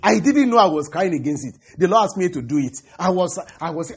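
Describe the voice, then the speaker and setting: A man preaching a sermon, halting and repeating words, breaking in with hallelujahs and praise the Lords. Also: sits high, animated, slightly rough. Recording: dull lo-fi recording.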